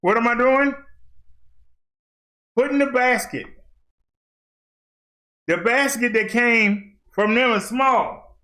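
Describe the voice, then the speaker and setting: A fitness vlogger talks casually to his viewers while he works, laughing often. His voice is very high, bright and forceful, with a slow pace and frequent pauses, and the room sounds echoey.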